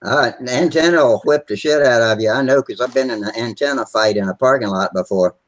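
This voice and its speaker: A man's voice: medium pitch, brisk, slight background noise, rough recording. A man chatting on a video call, telling rambling, salty stories and laughing easily. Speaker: regular on a hobby video hangout. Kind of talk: casual chat, swapping stories.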